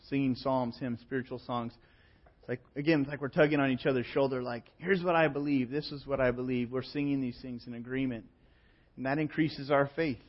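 Guy pastor giving a sermon, chatty storytelling, kinda dull muffled sound. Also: mid-range voice. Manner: conversational storytelling with fillers.

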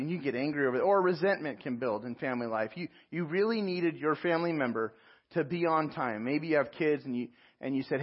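A man with a somewhat high, husky voice delivers a sermon in a conversational, storytelling way. He slips into animated asides and laughs at himself. The recording sounds a bit dull and lo-fi. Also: fairly quick. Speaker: pastor.

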